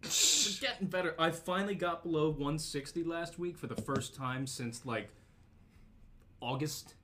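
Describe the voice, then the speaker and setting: A man's voice: on the high side, measured pace, a crowd in the background. Rambling, joking man on a podcast. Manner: joking, rambling, frequent fillers and restarts. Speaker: podcast co-host. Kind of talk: casual chat reading live stream donations.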